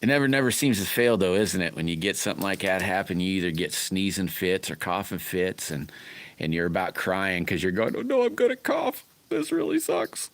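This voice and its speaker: A middle-aged man hosts a casual livestream. His voice sits very low. He rambles in a folksy way and greets his viewers by name. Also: fairly quick, a bit bright. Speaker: livestream host chatting with viewers.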